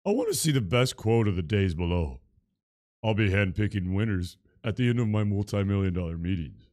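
A man doing a calm, bragging male pro streamer in a low, even voice. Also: brisk. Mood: smug.

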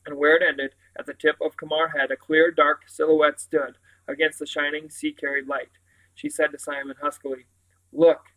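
A man reading a children's novel aloud in a steady manner, with occasional slips and restarts. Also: fairly high pitch, moderate pace, rough recording. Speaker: reader.

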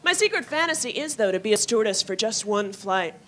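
A woman's voice: on the high side, sing-song, brisk, a bit bright. A young woman performing a stand-up comedy set in a club, wry and self-mocking, slipping into mock voices. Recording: live club recording with audible noise.

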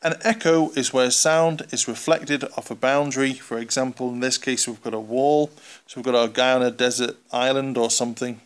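Male physics teacher, mid-range voice, casual classroom delivery with "uh" pauses. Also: mid-range voice, smooth. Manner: relaxed and conversational, with frequent "uh" pauses. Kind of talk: explaining exam topics over drawn diagrams.

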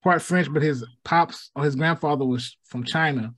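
A man's voice: a little high, normal speed, fairly bright tone. A man, explaining things in a matter-of-fact way during a casual chat. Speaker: podcast co-host.

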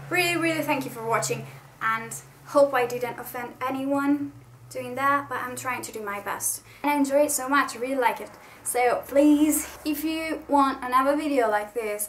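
A woman's voice: high voice, a little hiss or hum. A woman YouTuber chatting to camera in a casual vlog, rambling and poking fun at herself. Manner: rambling, chatty and self-deprecating.

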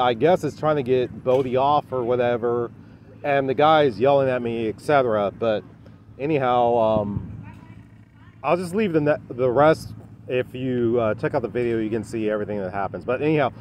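Everyday guy vlogging outdoors, loose rambling delivery, mid-pitched voice, light street noise. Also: a little mellow. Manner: rambling, lots of "anyhow" and "uh". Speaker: vlogger at a dog park. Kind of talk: casual vlog to camera. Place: outdoor dog park.

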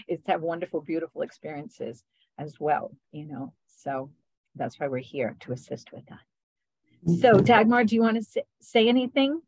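A woman hosting a spiritual group video call, talking gently and affectionately, often adding "right?" and soft laughs. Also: low-pitched, expressive, moderate pace, dry recording, low-quality recording. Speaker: spiritual session host.

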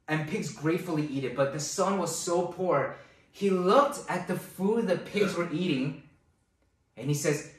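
A man preaching a sermon in an animated way, often adding "right?" to his points. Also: high voice. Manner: animated, acts out quoted voices with many "right?" tags. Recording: echoey hall, voice from far off.

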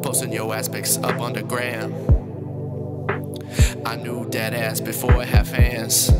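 A man performing a parody rap song as a moody young rapper, half singing softly about heartbreak. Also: mid-range voice, completely flat delivery, unhurried, loud music behind the voice, voice pushed down, close to an everyday voice. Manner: half-sung, sulky, soft delivery. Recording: loud beat underneath.

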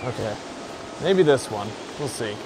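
A young man giving casual, excitable commentary as he plays a VR game, joking, swearing and yelling at the game. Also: mid-range voice, unhurried, noisy background. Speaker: gaming YouTuber.

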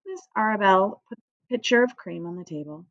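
A woman teacher reading a children's book aloud to her class in a clear, measured way. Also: mid-range voice, animated, fairly bright tone, dry recording, lo-fi sound.

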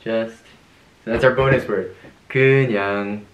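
A man teaching a casual language lesson, upbeat and playful, who laughs often and repeats phrases slowly. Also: lowish voice, fairly even intonation, echoey room, lo-fi sound, a little hiss or hum.

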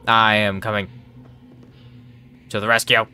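A man with a bright, sharp voice commentates a horror game at an unhurried pace. He talks to the characters on screen and yelps and swears whenever something startles him. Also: fairly low pitch, flat delivery, faint music behind. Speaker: let's play gamer.

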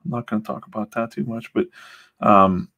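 A man's voice: fairly low pitch, steady tone, normal speed, bright, forceful tone, dull audio. A man chatting casually while he works, telling loose stories with swearing and acted-out quotes. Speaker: comic artist streaming his drawing session. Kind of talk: casual rambling chat.

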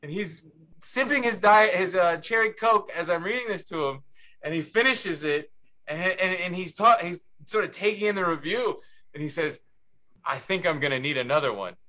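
A man, a book's co-author, telling an anecdote on a panel with an animated, chatty delivery. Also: high voice, moderate pace. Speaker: book co-author.

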